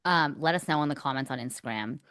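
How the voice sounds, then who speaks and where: Young woman, podcast co-host, animated storyteller, very low voice. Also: fast. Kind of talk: casual storytelling.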